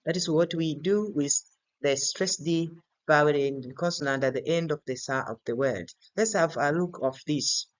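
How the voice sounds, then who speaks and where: A man teaching an English grammar and pronunciation lesson, repeating each word several times to model its stress. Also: on the high side. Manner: slow and deliberate, repeats words many times to model stress. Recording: slightly dull lo-fi recording.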